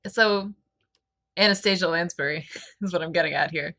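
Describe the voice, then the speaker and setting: A woman's voice: fairly low pitch, vocal fry, pushed and bright. An American woman co-hosting a casual book podcast, cracking jokes as she picks apart the writing. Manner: joking, quick with wisecracks. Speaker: podcast co-host. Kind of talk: casual book-club chat.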